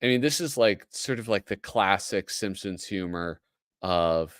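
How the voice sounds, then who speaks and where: A man's voice: deep voice, animated, a little slow, a bit bright, dry recording, clean studio sound. A man with a Midwestern American accent, hosting a casual livestream, chatty and joking as he reads aloud. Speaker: host.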